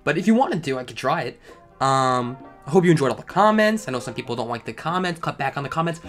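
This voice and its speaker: A man hosting a story channel who reads online stories aloud and breaks into animated, ranting comedic commentary. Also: medium pitch, fast talker, soft background music.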